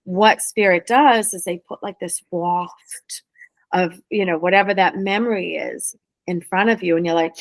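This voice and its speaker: A woman, a spirit medium guest, talking casually and quickly in an interview, explaining in a lively, flowing way. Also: on the low side, no echo. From New England.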